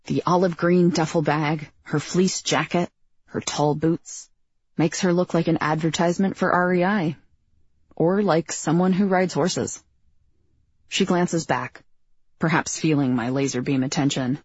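A woman narrating a first-person audiobook in a wry, self-deprecating, expressive way. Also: low voice, moderate pace, husky, no echo, muffled recording.

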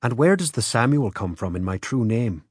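An earnest young Irish boy asks his father question after question, as a male audiobook reader puts him on. The voice lifts a little above the reader's own, still husky and recorded dry and close. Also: mid-range voice, big pitch swings, normal speed, darkish tone, no room sound. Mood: curious.

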